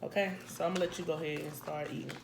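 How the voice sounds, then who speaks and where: A woman's voice: low voice, steady tone, racing, creaky, noisy background. A woman chatting casually to viewers while eating, talking them through the food at home. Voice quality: chatty, addresses viewers as y'all. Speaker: family vlogger. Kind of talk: casual mukbang chat.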